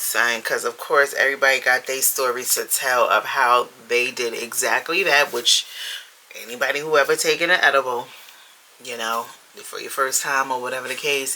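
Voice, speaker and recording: A woman's voice: rumbling low, moderate pace, pushed and bright, slight background noise, poor audio. A woman, talking casually to camera at home in a vlog, chatty and playful, laughing as she goes. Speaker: vlogger. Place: home room with the heat running.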